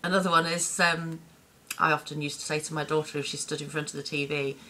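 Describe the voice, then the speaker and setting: A woman's voice: low voice, little pitch movement, fast, bright, forceful tone. A woman chatting upbeat to camera, answering tag questions and laughing easily. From Lincolnshire, England. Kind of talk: casual chat to camera.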